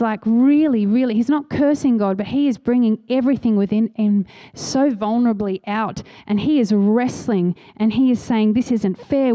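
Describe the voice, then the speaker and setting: A woman's voice: medium pitch, warm tone, no room sound. A woman preaching a sermon in a church, telling a story earnestly and acting out the voices she quotes.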